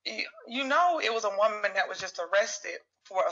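A woman in casual podcast chat, chatty and reacting quickly. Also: medium pitch, expressive, pushed and bright, dull audio.

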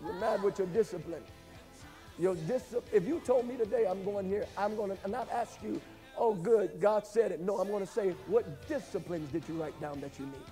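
A pastor man delivering a sermon with a notably high-pitched voice that stays mellow and dark in tone. He swings between emphatic, shouted lines and quiet, hushed passages, with faint music playing underneath. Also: normal speed. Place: church.

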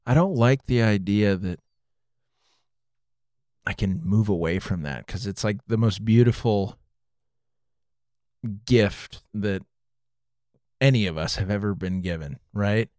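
A man's voice: fairly low pitch, slow, pauses often, a little mellow, dry recording, clean studio sound. A man co-hosting a faith podcast, musing thoughtfully and trailing off now and then. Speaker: podcast co-host.

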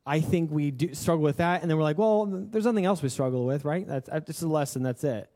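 A man's voice: a little high, expressive, brisk, mellow. A young man preaching a sermon, telling a personal story in an earnest, conversational way with lots of filler words. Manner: earnest and confessional. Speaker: pastor.

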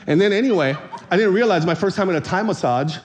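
Male pastor, high-pitched, animated storyteller in the pulpit. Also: fast. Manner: animated storyteller, acts out voices, shouts for comic effect. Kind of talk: sermon with storytelling.

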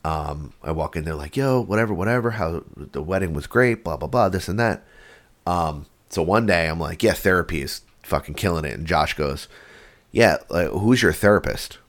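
Podcast co-host, male, very low voice, animated swearing storyteller, casual chat. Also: normal speed. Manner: animated storyteller, swears a lot, acts out quotes.

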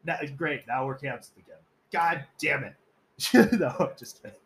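A man's voice: mid-range voice, fast, background noise. A man hosting a casual podcast, telling stories in a rambling, profane, joking way and acting out quoted voices. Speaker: podcast host.

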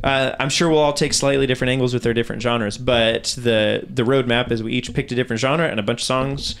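A man hosts a relaxed podcast conversation in a mid-range voice. He rambles and hedges, packing his sentences with fillers. His delivery stays loose and chatty. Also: mid-range voice, fast, a little hiss or hum. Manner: rambling, hedging with many fillers. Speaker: podcast host. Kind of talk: casual chat.

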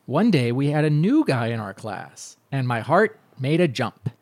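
A man's voice: mid-range voice, big pitch swings, normal speed, a little mellow, no echo. Man dryly reading a listener email. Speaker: podcast co-host reading listener mail.

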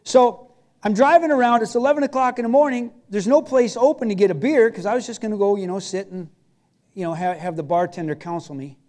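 High-voiced storytelling preacher man. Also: fairly quick, a little mellow. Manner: storytelling preacher, emphatic and conversational. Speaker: pastor. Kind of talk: sermon.

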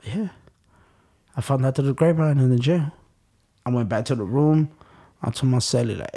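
Halting, blunt storytelling from a man from Chicago, in a plain mid-pitched voice. He restarts his sentences often and talks rough and profane, as an interview guest recounting his own life. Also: mellow. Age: adult.

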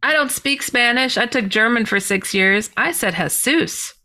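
A woman guest telling a personal story in a lively way, laughing and exclaiming often. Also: a little high, moderate pace. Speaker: guest author.

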